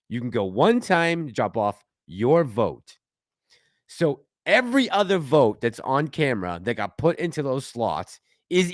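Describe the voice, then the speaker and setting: A man's voice: mid-range voice, no room sound, clean studio sound. A man hosting a casual livestream, reading viewer comments aloud and reacting to them in a chatty way. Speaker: livestream host reading chat.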